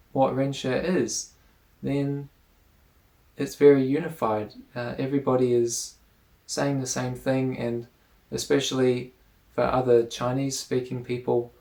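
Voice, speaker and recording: A man teaching an explanatory lesson, explaining step by step in a patient, measured way. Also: medium pitch, vocal fry, dark tone.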